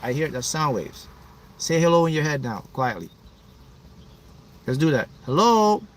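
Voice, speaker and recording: A manifesting coach hosts a motivational livestream, his medium-pitched voice animated and moving at a normal speed. He speaks emphatically and repeats himself to pump up his viewers.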